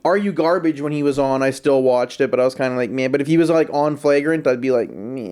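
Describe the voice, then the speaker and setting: A man's voice: on the high side, quick pace, a little mellow, clear, resonant tone. A young man co-hosting a casual podcast, laid-back and hedging with lots of filler words. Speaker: podcast co-host.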